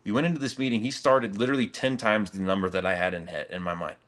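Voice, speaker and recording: A man's voice: fairly low pitch, fairly even intonation, fast talker, a bit bright. A middle-aged man, a gym owner, telling a story earnestly in a casual interview, saying "dude" and "man".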